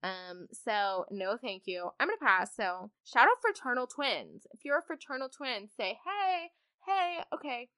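A woman's voice: mid-range voice, animated, moderate pace, hardly any pauses, bright, forceful tone, dry recording, studio quality. A young woman hosting a podcast, chatting in a bubbly, rambling way full of asides. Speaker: podcast host. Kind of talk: casual storytime chat.

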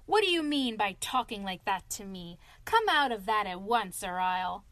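A woman doing a loud, boastful storybook toad. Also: medium pitch, big pitch swings, normal speed, no room sound. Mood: indignant. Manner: loud, dramatic exclamations. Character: boastful excitable male toad, theatrical and self-pitying.

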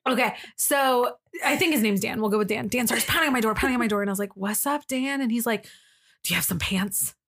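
A young woman co-hosting a podcast, telling a story in casual chat, animated, laughing often and acting out the people in it. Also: fairly high pitch, fast talker, few pauses. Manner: animated, laughing, acts out quoted voices. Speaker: podcast co-host.

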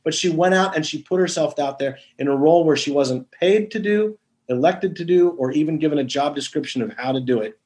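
A man's voice: a little high, brisk, few pauses, darkish tone. A man talking as a podcast guest and author, telling history earnestly and often restarting his sentences. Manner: earnest, storytelling, restarts mid-thought. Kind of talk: podcast interview.

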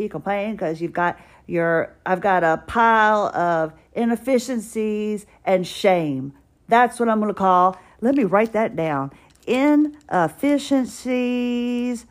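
A woman hosting a podcast, chatting casually and wryly about her day and retelling conversations line by line. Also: mid-range voice. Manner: chatty, wry, retells dialogue with "I said". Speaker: podcast host. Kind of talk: casual personal storytelling. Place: at home, doing exercises while talking.

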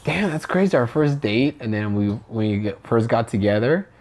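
A man's voice: medium pitch, lively intonation, moderate pace, a little mellow. A young man co-hosting a podcast with his girlfriend, chatting casually and crudely while a bit tipsy. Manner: joking, crude, playfully teasing. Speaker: podcast co-host. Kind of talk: casual couple chat.

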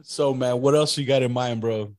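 A man's voice: mid-range voice, fairly even intonation, normal speed. A man hosting a podcast in a casual chat, laid-back, slangy, and profane. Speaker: podcast host.

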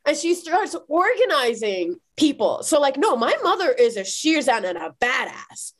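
A woman from Iran in her thirties, a podcast guest telling personal stories in a lively, quick way with many "like" fillers. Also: high voice. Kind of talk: animated personal storytelling in a podcast interview.

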